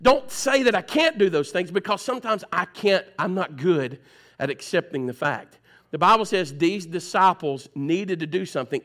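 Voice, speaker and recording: A man, preaching a sermon and acting out his own stories. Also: a little high. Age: 40s. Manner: animated storytelling, acts out his own dialogue. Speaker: pastor.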